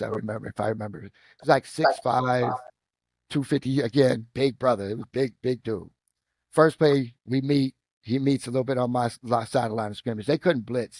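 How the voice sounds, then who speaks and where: A middle-aged man with a Midwestern American accent shares football stories as a podcast guest, speaking at a medium pitch. He is an animated storyteller, and the recording is dry and close. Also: gravelly, no echo. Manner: animated storyteller, acts out quotes with rising pitch. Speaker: guest, former football player and coach. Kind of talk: casual storytelling interview.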